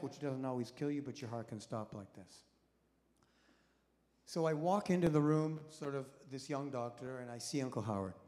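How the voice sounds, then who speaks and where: A middle-aged doctor with a mid-range voice, a guest speaker at a congregation service, tells a personal story during a sermon as an animated storyteller, acting out the voices of the people in it and engaging the audience. The hall adds long reverb.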